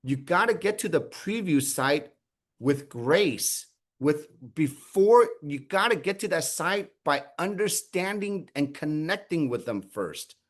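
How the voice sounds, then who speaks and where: A man's voice: on the high side, takes it slowly. A man leading a sales training on a video call, asking his team rhetorical questions and acting out sample conversations. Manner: animated, asks many rhetorical questions, acts out sample conversations. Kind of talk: coaching on a group call, calling on people by name.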